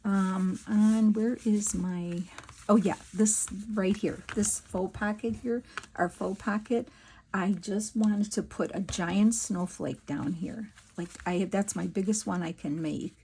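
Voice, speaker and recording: A woman's voice: mid-range voice, fairly even intonation, slow, dark tone, a little hiss or hum. A woman hosting a crafting video, chatting casually and giggling as she works, with many fillers. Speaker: crafting channel host. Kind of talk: casual craft tutorial chat.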